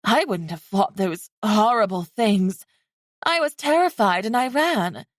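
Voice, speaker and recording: A woman voicing a sheltered young princess who talks in a high, eager, breathless way. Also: animated, measured pace, dry recording, studio quality, close to an everyday voice.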